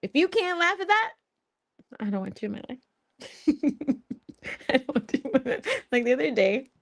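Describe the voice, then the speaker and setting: A woman's voice: high-pitched, very animated, normal speed, vocal fry. A young woman hosting a live stream, chatting casually with viewers in a blunt, teasing way, swearing and laughing often. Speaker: host of a live spiritual Q&A stream.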